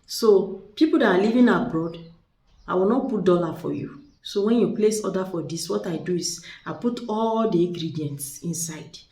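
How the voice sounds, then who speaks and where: A woman with a lowish, mellow voice at a moderate pace shows off spiritual products chattily and persuasively, repeating words for emphasis. It's a casual product showcase recorded in an echoey room with a distant mic.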